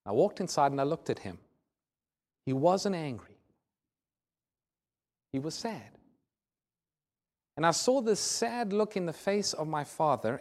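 A man's voice: animated, normal speed, pauses often. Earnest preacher man telling a story. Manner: earnest storytelling, voice drops soft and low in tender moments. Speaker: pastor. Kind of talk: sermon.

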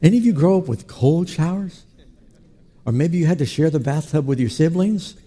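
A man delivers a sermon from the pulpit. He has a very dark, mellow tone with a husky edge and a slightly raised pitch. He tells stories and acts out the people he quotes. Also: moderate pace. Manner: animated storytelling preacher who acts out quotes. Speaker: pastor.

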